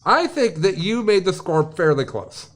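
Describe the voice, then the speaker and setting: A man's voice: sits high, very animated, moderate pace. A man hosting a tabletop gaming livestream, rambling and joking to fill time between games. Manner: rambling, jokey, filling time. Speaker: stream host. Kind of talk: casual livestream chat.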